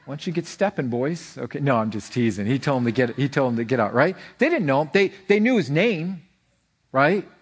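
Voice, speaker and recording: A man pastor preaching a conversational sermon, telling stories with frequent restarts and an animated delivery. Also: mid-range voice, brisk, breathy edge.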